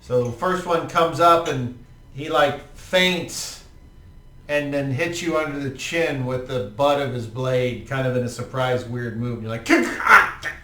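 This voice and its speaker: A man's voice: mid-range voice, fairly even intonation, measured pace, fairly bright tone. A man running a tabletop game as game master, narrating attacks in a laid-back, profane, vivid way. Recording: roomy, distant mic with faint ambience.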